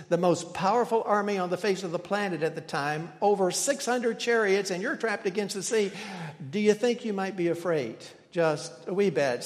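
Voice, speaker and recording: A man preaches a sermon from the pulpit, earnest and questioning as he talks his congregation through the text. His voice sits high for a man. The sound carries a long reverb, as in a large sanctuary. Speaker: pastor.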